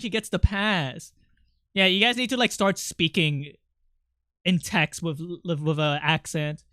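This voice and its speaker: A man's voice: sits high, expressive, unhurried, bright, forceful tone, clean tone, no room sound, clean studio sound. A man chatting casually on a livestream, rambling with lots of fillers and restarts. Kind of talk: casual stream chat.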